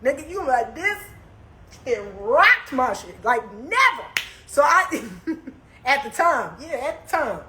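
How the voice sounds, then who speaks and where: A young woman on a live stream, telling a story in casual slang that moves from calm asides to heated outbursts. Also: high voice, takes it slowly, echoey room, slight background noise, rough recording.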